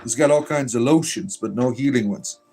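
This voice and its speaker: A man's voice: medium pitch, normal speed, mellow. A man hosting a casual livestream, reading chat messages aloud in a joking, irreverent way and laughing often.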